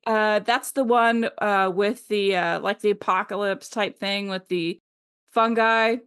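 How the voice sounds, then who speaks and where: A woman's voice: mid-range voice, fairly even intonation, unhurried, fairly bright tone, clear, resonant tone. A middle-aged woman co-hosting a podcast, chatting casually and rambling with lots of fillers and laughter. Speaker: podcast co-host. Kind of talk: casual chat.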